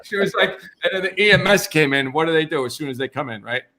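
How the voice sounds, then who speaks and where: A man's voice: a little high, animated, quick pace, a crowd in the background. Brief: New firefighter co-host, man, loose rambling story delivery. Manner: rambling, laughs mid-story, acts out quotes. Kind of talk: casual chat, storytelling.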